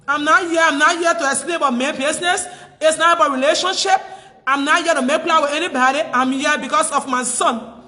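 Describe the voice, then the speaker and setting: A woman's voice: high-pitched, fairly even intonation, fairly quick, pushed and bright, big-room sound. A Liberian woman making a distressed, tearful plea on a phone livestream, insisting again and again in a pleading tone. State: crying, distressed.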